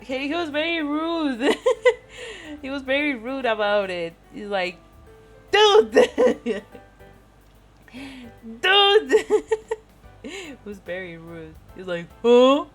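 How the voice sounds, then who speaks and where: A woman's voice: on the high side, unhurried, soft background music. A woman from Spain with a Spanish accent, casually telling a rambling story on stream and often breaking into giggles. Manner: rambling, giggly, frequent laughter.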